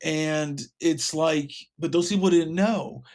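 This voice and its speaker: A man's voice: a little high, takes it slowly, darkish tone. A man co-hosting a podcast in casual chat, rambling and emphatic. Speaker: podcast co-host.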